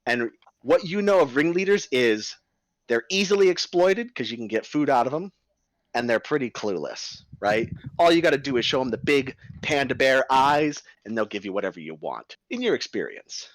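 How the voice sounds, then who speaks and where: Game master narrator, casual and rambling, animated delivery, dry sound. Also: male voice, medium pitch, moderate pace, dry recording, rough recording.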